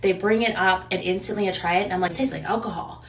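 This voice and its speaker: A young woman vlogging, retelling a stressful night in an animated, rushed way and swearing. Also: mid-range voice, distant mic, heavy background noise. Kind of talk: casual storytime vlog. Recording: roomy sound from off mic.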